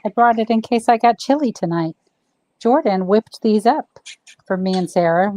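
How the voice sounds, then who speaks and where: A woman's voice: medium pitch, expressive, moderate pace, a little mellow, slight background noise, rough recording. A chatty, self-deprecating woman hosting a casual livestream chat over a video call. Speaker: event host.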